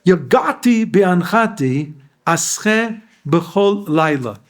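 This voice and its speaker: A man's voice: high voice, lively intonation, drawn-out words. A rabbi giving a Torah lecture to a class. He explains Hebrew verses line by line and asks his listeners questions.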